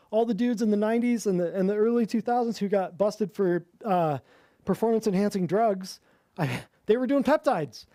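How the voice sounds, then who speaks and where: A man's voice: high-pitched, mellow, no room sound, clean studio sound. A man hosting a health podcast in a sarcastic, mocking monologue, repeating words for emphasis. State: winded. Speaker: podcast host.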